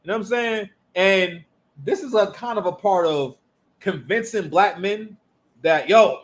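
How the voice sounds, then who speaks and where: A man hosting a reaction commentary, animated and emphatic, talking in street slang. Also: high voice, moderate pace. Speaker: commentary channel host.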